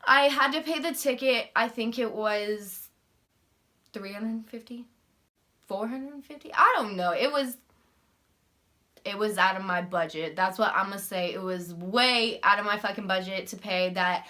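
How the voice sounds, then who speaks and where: A young woman vlogger telling a story in a casual, animated, profane and sarcastic way. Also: mid-range voice, unhurried.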